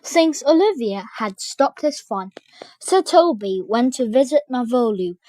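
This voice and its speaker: A woman reads a children's storybook aloud with expressive, animated delivery. Her voice sits higher and she takes her time. The sound is close and dry. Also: unhurried, dry recording. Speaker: narrator.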